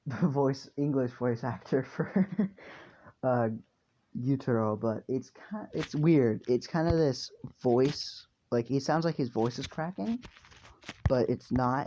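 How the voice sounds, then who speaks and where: A man's voice: medium pitch, mellow. A man telling a fan story casually, rambling and swearing with lots of fillers. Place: hot room indoors. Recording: dull lo-fi home recording.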